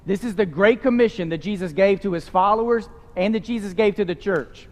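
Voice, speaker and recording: A man's voice: high voice, big-room sound. A man preaching a sermon to a live congregation, talking conversationally and tossing in joking asides. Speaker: pastor. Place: church sanctuary with live congregation.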